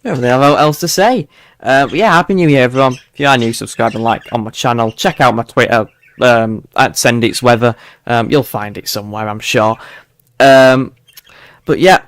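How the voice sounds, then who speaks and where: A man's voice: medium pitch, normal speed, a bit bright. A man with a mild Yorkshire accent hosting a live weather forecast stream, rambling and chatty with lots of fillers and restarts. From Yorkshire, England. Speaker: weather channel host.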